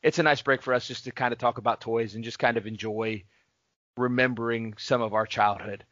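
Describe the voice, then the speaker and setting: A man's voice: mid-range voice, steady tone, a little fast, a bit bright, no echo. A man co-hosting a casual faith-based podcast, talking earnestly and encouragingly to his listeners. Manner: earnest, encouraging, sign-off announcements. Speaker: podcast co-host. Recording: dull lo-fi podcast mic.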